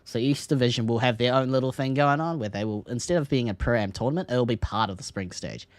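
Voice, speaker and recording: An Australian man co-hosting a casual esports podcast, excitable and laughing often, his pitch leaping up when something grabs him. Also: quick pace, no room sound. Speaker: podcast co-host.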